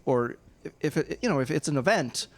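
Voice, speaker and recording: A man, a DJ guest on a podcast, talking in a relaxed, rambling, self-deprecating way. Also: fairly high pitch, fairly quick. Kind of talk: casual podcast chat.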